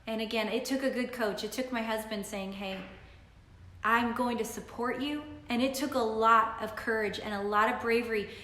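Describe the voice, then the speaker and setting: Woman, nutritionist, earnest testimony, emphatic, slightly high voice, echoey room. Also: fairly even intonation, brisk, few pauses, sharp tone, a little hiss or hum. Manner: earnest, emphatic, repetitive storytelling. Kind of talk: personal testimony talk. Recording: roomy echo.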